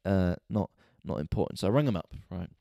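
A podcast host and stand-up comedian vents in a casual monologue full of swearing. His fairly low voice is soft and mellow with a creaky edge, and he talks fast, sounding exasperated and animated. The recording is close and dry, with almost no room sound.

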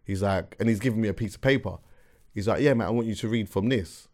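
A man, fairly low-pitched at rest, tells a story in a casual podcast chat. When he gets worked up, his voice jumps high and loud. He sounds like a man in his thirties. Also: fast. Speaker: podcast co-host.

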